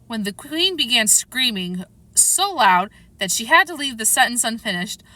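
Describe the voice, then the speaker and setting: A woman narrating a children's storybook aloud in a gentle, even storytelling manner. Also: on the high side, normal speed.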